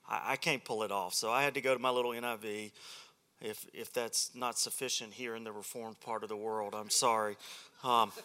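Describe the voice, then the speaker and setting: Man preaching with jokes, bright forceful voice, self-deprecating storyteller. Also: fairly low pitch, fairly even intonation, a little fast. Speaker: guest preacher at a men's ministry. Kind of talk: humorous sermon.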